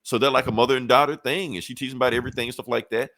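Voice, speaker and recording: A man's voice: medium pitch, steady tone, rapid-fire, sharp tone, no echo, studio quality. A man on a podcast casually retelling a comic book story, loose and profane, laughing often. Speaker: podcast co-host.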